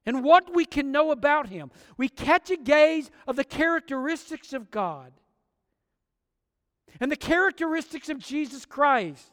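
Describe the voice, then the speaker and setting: A male pastor preaching a fervent sermon, slowing down and swelling on key phrases. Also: very high-pitched, expressive, a bit bright, long reverb tail. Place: church sanctuary.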